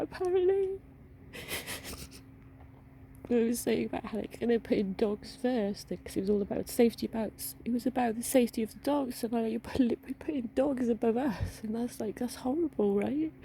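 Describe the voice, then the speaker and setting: A woman vlogger crying as she talks through an upsetting experience, halting and laughing through her tears. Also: on the high side, creaky, dark tone, a little hiss or hum, low-quality recording. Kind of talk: emotional personal vent.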